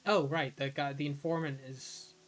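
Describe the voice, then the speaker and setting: A man's voice: a little high, fairly even intonation, moderate pace, slight background noise. A man from Ireland streaming a game, chatting casually and rambling with lots of fillers. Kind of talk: casual gameplay commentary.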